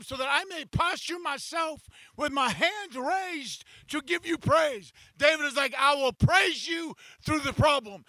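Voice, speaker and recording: A man preaching with a bright, forceful edge, voicing the psalms as if they were his own cry and climbing into passionate shouts. The sound is dry and close, with no room around it. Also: very high voice, lively intonation, a little slow, dry recording, low-quality recording. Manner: impassioned preaching, acting out scripture in first person, building to shouts. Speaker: pastor. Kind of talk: sermon. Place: church.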